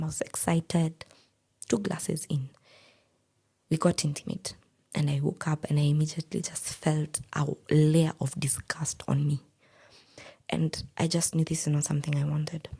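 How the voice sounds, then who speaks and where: A young woman recounting her own story candidly on a podcast, in a hushed, half-whispered, deadpan way. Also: deep voice, vocal fry, husky. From Kenya. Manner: plain, deadpan retelling of painful events.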